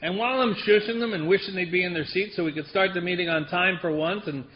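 A man's voice: high-pitched, fast talker, highs cut off, a little hiss or hum. A man telling a personal recovery story to a group, wry and self-deprecating, often laughing through the funny parts. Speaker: speaker sharing a recovery story.

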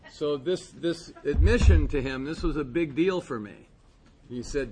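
A man's voice: medium pitch, sing-song, normal speed, warm tone. A man speaking candidly and conversationally at a recovery meeting, rambling with frequent asides. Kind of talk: personal testimony talk.

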